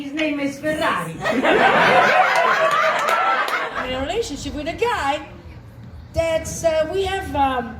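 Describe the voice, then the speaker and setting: A woman from Italy with an Italian accent performing a brash, animated stand-up set and laughing at her own jokes. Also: very high voice, reverberant, recorded from a distance, very noisy. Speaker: stand-up comedian. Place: comedy club stage.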